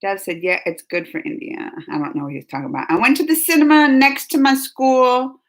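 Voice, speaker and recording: Brisk and high-pitched with a fairly bright tone, a woman hosts a relaxed livestream where she reacts, reads viewer comments aloud and laughs often while rambling. The recording is rough.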